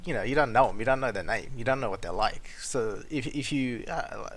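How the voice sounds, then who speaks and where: A man in a casual solo rant, blunt and heavy on profanity. His voice sits at an ordinary middle pitch and swings from loud bursts to low mutters. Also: brisk. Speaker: podcast host. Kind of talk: casual ranting monologue.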